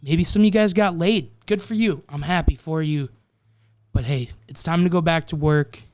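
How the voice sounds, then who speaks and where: A man's voice: fairly high pitch, normal speed, a little mellow, no echo. A man co-hosting a podcast in laid-back casual chat, swearing freely. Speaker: podcast co-host.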